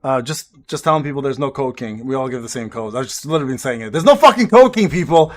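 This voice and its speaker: A man's voice: mid-range voice, expressive, fast. A man streaming a game, teasing and mock-ranting at a friend in casual, profane banter. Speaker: gaming streamer.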